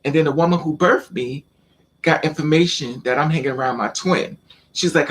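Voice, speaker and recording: A man vlogging, telling a personal story in a casual, animated and rambling way, with streetwise slang. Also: fairly high pitch, moderate pace, a little hiss or hum.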